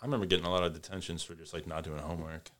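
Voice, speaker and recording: A man chatting as a podcast guest, laid-back and quick to laugh along. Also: low voice, fairly even intonation. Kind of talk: casual chat.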